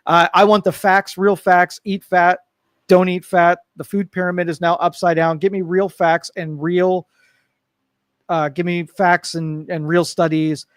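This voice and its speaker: A man's voice: high voice, little pitch movement, a little slow, clear, resonant tone, dry recording, studio quality. A man co-hosting a live local talk show, ranting in an exasperated, sarcastic way. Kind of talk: casual talk show discussion.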